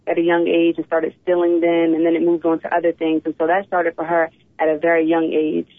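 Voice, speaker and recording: A woman in her thirties from Philadelphia, telling her life story as a guest in a casual interview, animated, often opening with "you know what". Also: fairly low pitch, a little fast, no room sound. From Philadelphia, USA. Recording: tinny phone line.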